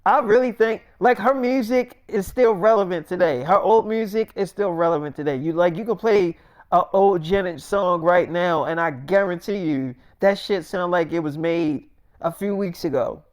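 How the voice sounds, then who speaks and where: A man spins an improvised story in casual, slangy talk full of swearing. His voice sits high for a man and sounds smooth and resonant. He keeps it loose and conversational. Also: moderate pace.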